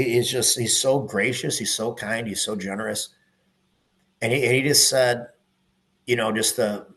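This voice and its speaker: A man's voice: fairly low pitch, a bit bright, low-quality recording. A middle-aged man, a former police officer, talking in a casual podcast interview, earnest and emphatic, swearing freely.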